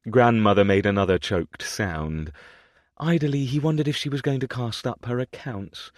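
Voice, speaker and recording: A man narrating a historical romance audiobook with an expressive, varied delivery on a close mic. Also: mid-range voice, normal speed, no room sound.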